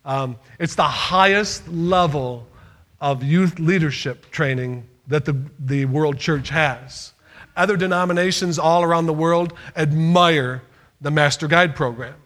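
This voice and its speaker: Bright, upbeat church youth leader man. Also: fairly high pitch, a little slow. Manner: upbeat, encouraging, folksy. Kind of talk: leading a church award ceremony.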